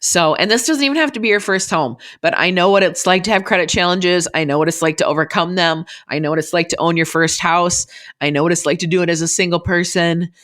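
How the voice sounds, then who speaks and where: A woman's voice: on the low side, fast, a bit bright. A woman in her thirties from Minnesota, a podcast host and real estate agent, talking in a chatty, earnest, encouraging way with lots of "like"s and restarts on a close mic. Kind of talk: casual solo podcast talk.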